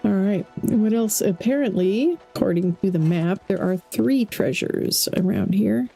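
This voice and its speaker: A woman giving casual, chatty let's-play commentary as a game streamer, thinking out loud as she plays. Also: mid-range voice, expressive, unhurried, creaky, breathy edge, faint music behind. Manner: chatty, thinks aloud while playing.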